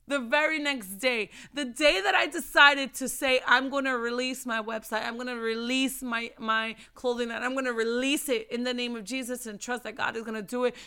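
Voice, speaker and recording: Gravelly-voiced woman preaching with passion. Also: on the high side, steady tone, normal speed, pushed and bright. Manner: passionate, preachy, repeats phrases for emphasis. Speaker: faith vlogger. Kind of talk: faith-based motivational talk.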